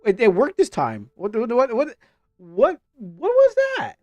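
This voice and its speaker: Excitable man streaming a game. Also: very high-pitched, unhurried, dry recording. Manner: excitable, puzzled, swearing. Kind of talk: live game commentary.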